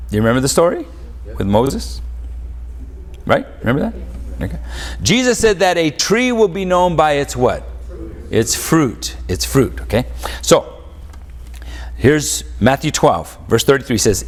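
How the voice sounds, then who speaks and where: Pastor, male, slow deliberate sermon delivery, call-and-response, long hall reverb. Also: mid-range voice, animated. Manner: call-and-response preaching, rhetorical questions. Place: church.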